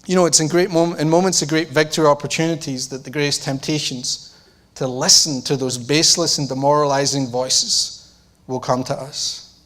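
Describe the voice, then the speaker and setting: A man preaching a sermon, who acts out the lines of the characters and drops to a low, intense voice to press a point. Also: fairly even intonation, moderate pace, fairly bright tone.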